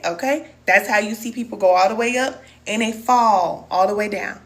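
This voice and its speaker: A woman's voice: fairly high pitch, a little fast, few pauses, sharp tone. A middle-aged woman, a spiritual wellness teacher, talking casually and emotionally to viewers on a live stream, reading their comments and calling them cousin.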